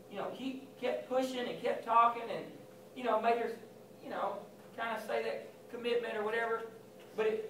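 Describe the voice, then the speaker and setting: High-voiced man preaching in an echoey chapel. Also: fairly bright tone, far from the mic, a little hiss or hum. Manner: conversational, acts out Bible scenes in quoted voices. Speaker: school chapel speaker. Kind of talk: informal chapel sermon to students. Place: school chapel.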